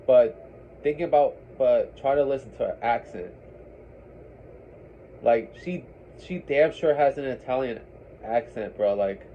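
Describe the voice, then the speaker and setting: A man's voice: mid-range voice, slight background noise. A man hosting a let's play, reading game text aloud and chatting casually, stumbling over words and saying "bro" a lot. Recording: tinny phone-like lo-fi sound.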